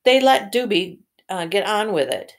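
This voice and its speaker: A woman reading aloud slowly, voicing a timid, anxious male house elf who keeps calling the listener sir. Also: mid-range voice, big pitch swings, creaky. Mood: pleading. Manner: earnest, pleading, keeps saying sir.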